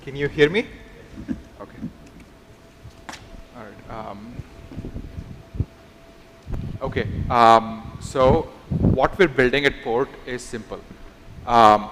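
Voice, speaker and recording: A man who founded a startup, giving a conference talk with many pauses and "um"s. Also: medium pitch, background noise. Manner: halting start with many "um"s and "okay"s. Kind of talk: conference presentation. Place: large conference hall. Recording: long hall reverb.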